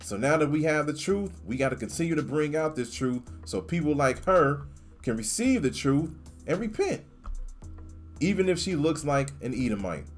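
A man's voice: on the high side, sing-song, normal speed, faint music behind. A man reading scripture aloud and commenting on it with emphatic, slangy asides, often tacking "man" onto his points. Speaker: scripture teacher.

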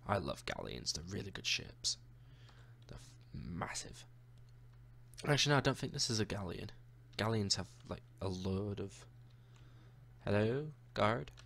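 A man's voice: deep voice, animated, moderate pace, gravelly, sharp tone, husky. A young man narrating his own gameplay in a chatty, jokey way, talking to the characters he meets. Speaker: gaming YouTuber. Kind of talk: let's-play commentary.

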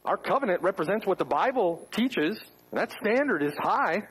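Man, pastor, sermon, high husky voice, animated pitch, rhetorical questions. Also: moderate pace, rough recording. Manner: rhetorical questions, wry asides. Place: church.

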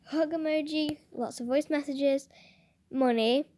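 High-voiced woman reading chat messages. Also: fairly even intonation, unhurried, mellow, no echo. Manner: giggly, chatty read-aloud with bursts of laughter. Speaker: channel host.

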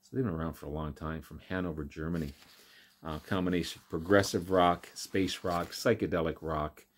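A man casually showing and talking through records he picked up, relaxed and rambling with many ums and uhs. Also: low voice, a little fast. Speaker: vinyl collector vlogger. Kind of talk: casual record show-and-tell.

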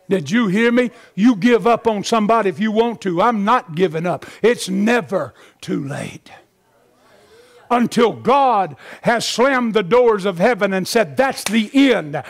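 A man's voice: high-pitched, creaky. A man preaching a sermon as pastor, passionate, calling on the congregation to respond, out of breath. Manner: impassioned preaching with shouted climaxes and call-and-response.

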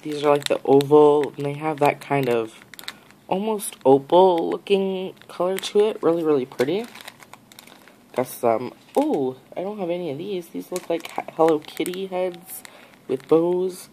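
Woman, low voice, gushing, excitable, casual unboxing chat, faint background hiss. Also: unhurried, low-quality recording. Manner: gushing, excitable, lots of gasps and "oh my god". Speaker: nail art vlogger.

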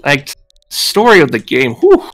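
A man's voice: on the high side, wildly swooping pitch, a little slow, a bit bright, soft background music. A man co-hosting a gaming livestream, friendly and giggly, greeting viewers by name. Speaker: co-host streamer. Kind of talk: casual gaming livestream chat.

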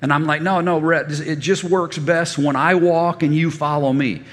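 A man in his fifties preaching a sermon as a folksy storyteller, animated and given to stammered restarts. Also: a little high, normal speed. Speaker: pastor. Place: church sanctuary. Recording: reverberant church hall.

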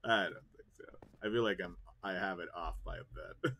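A young man giving excitable, jokey live commentary while streaming a game. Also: low voice, a little fast.

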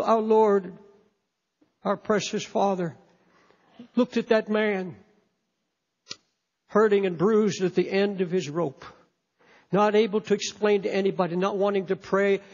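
Preacher, male, very high voice, fervent sermon delivery, dull lo-fi hall recording. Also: darkish tone. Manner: impassioned, emphatic, repeats words. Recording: echoey hall, dull lo-fi sound.

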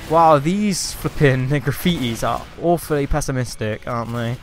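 A man's voice: medium pitch, moderate pace, few pauses, slight background noise. A man giving chatty, sarcastic gameplay commentary, taunting enemies as he goes. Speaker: let's play host.

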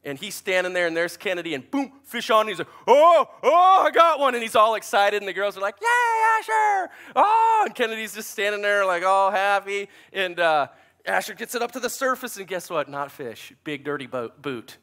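Pastor, forties; animated storyteller with a lively, forward tone. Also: male voice, sits high, brisk. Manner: chatty, self-deprecating, animated storytelling. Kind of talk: sermon with storytelling.

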